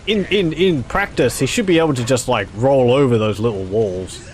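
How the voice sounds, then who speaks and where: A man's voice: mid-range voice, normal speed, darkish tone. Chatty man commenting on a game. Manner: chatty, rambling, jokey asides. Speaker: gameplay commentator.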